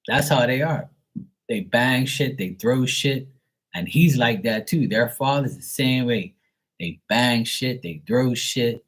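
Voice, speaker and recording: Husky-voiced male streamer, blunt and profane, casual rambling delivery. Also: mid-range voice. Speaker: live stream tarot reader. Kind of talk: casual storytelling chat.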